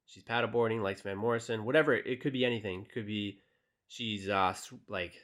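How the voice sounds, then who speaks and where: Brisk and lowish in voice, a young male dating coach reads text messages aloud. He keeps his casual tutorial talk relaxed and direct, with plenty of fillers.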